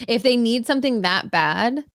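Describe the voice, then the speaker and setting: A young adult woman co-hosting a podcast in casual chat, telling animated stories and acting out conversations. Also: fairly high pitch, moderate pace, dry recording, studio quality. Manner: animated storyteller who acts out conversations. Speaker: podcast co-host.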